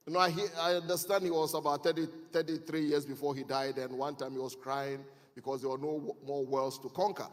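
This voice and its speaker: A man preaching a sermon as a bishop, telling stories and building to loud, emphatic exhortation. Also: a little high, steady tone, normal speed, long pauses. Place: conference hall. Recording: reverberant hall.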